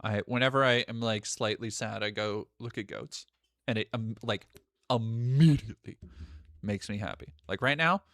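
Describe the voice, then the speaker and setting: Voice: mid-range voice, normal speed, no echo, clean studio sound. A streamer talking casually to chat while reacting to videos, swearing freely and thanking donors. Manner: profane, animated, chatty. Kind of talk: casual live-stream commentary.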